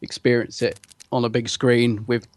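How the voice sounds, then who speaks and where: A man's voice: medium pitch, little pitch movement, moderate pace, dry recording, clean studio sound. A man co-hosting a podcast, chatting enthusiastically and laughing easily. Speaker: podcast co-host. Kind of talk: casual chat.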